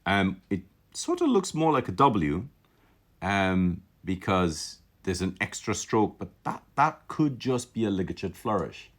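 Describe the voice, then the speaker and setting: A man's voice: low-pitched, big pitch swings, unhurried. A man teaching calligraphy on a live stream, musing aloud with enthusiasm, often restarting his sentences. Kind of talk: live-streamed lesson, casual commentary.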